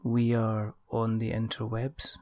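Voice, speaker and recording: A man's voice: fairly low pitch, completely flat delivery, slow pace, a little mellow, no room sound. Jokey male podcast host, dry sound. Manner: jokey, plugging the show. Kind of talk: casual chat and show outro.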